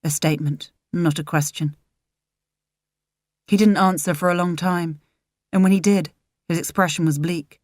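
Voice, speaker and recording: A woman reading a novel aloud in a measured, even way. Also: on the low side, dry recording, clean studio sound. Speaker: narrator. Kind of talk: audiobook narration.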